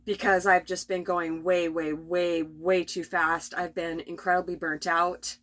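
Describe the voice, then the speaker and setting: A middle-aged woman with a slightly low voice talks in a rambling, spontaneous vlog from her RV. She is tired and has a cough, restarts her phrases often, and laughs softly now and then. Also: flat delivery, a little slow. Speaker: vlogger. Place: at home in an RV.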